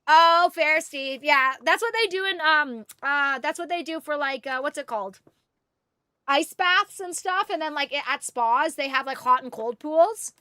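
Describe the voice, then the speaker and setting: A Canadian woman streaming a game, chatting with viewers in an animated way and swearing freely. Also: sits high, a little slow, dry recording, studio quality. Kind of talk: casual gaming stream chat.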